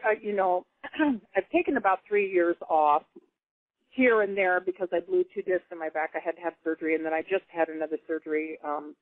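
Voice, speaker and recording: Animated woman on a tinny phone line. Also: on the low side, brisk, no room sound. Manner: animated, laughing storyteller. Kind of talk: casual storytelling.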